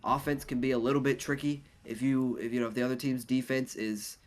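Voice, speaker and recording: A man's voice: medium pitch, flat delivery, brisk. A man with a congested voice giving analytical play-by-play commentary on a competitive shooter match. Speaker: esports caster.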